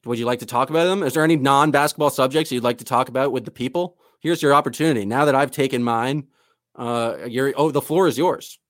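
A man's voice: medium pitch, quick pace, dry recording, studio quality. A man co-hosting a sports podcast in casual chat, rambling enthusiastically and calling himself the eccentric goofball. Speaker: podcast co-host.

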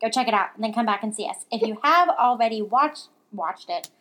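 A woman hosting a casual book podcast with a high voice. She talks in a chatty, rambling way, stopping and restarting her thoughts as she goes. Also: animated, fairly quick, a bit bright. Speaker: podcast co-host. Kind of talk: casual chat.

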